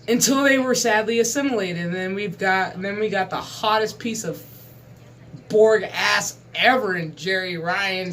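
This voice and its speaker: A man's voice: high voice, pushed and bright. A man in his thirties, hosting his gaming channel, rants in a casual, profane monologue and talks with exasperated emphasis. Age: 30s.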